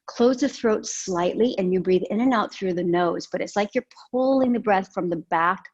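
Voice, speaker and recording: A woman teaching a yoga and breathing class, giving calm, gentle cues with soft pauses. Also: medium pitch, slightly rough, highs cut off. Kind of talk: guided yoga and breathing instruction.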